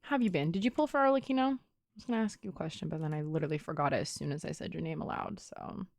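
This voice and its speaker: A woman's voice: deep voice, rapid-fire, vocal fry, a little mellow. A young woman streaming from home, chatting playfully with her viewers and swearing casually. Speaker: game streamer. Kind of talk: casual live-stream chat.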